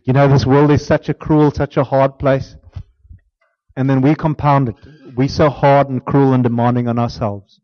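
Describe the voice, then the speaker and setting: A man preaching a sermon as pastor, swinging from emphatic declarations down to hushed near-whispers. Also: medium pitch, flat delivery, moderate pace, dull audio.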